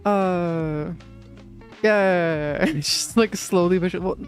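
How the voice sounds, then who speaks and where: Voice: medium pitch, slow pace, faint music behind. A live streamer chatting casually with friends and viewers while playing, rambling through lots of fillers and casual swearing. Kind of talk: casual gaming stream chat.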